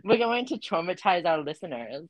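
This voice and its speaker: A woman's voice: on the low side, very animated, moderate pace, highs cut off, a loud crowd. A young woman co-hosting a casual podcast, teasing her friend with blunt, giggly banter. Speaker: podcast co-host. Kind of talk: casual chat.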